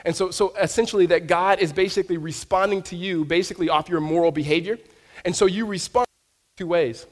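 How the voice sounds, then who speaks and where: A man's voice: high-pitched, fairly even intonation, brisk. A man preaching a sermon to his congregation, telling stories animatedly and often stammering and restarting his words. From United States. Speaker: pastor. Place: church sanctuary.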